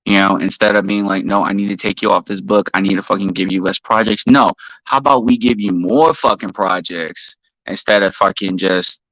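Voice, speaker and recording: Profane, bright-voiced man ranting on stream. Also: low-pitched, fairly even intonation, a little fast, hardly any pauses, no room sound, poor audio. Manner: profane, heated ranting, shouts out chat viewers. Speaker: live stream host. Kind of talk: casual ranting live stream.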